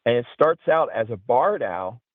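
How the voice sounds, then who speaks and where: A man's voice: mid-range voice, expressive, moderate pace, dry recording. A man telling a story as an interview guest, rambling along with lots of "you know". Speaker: guest, outdoorsman and paranormal investigator. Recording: tinny phone-like line.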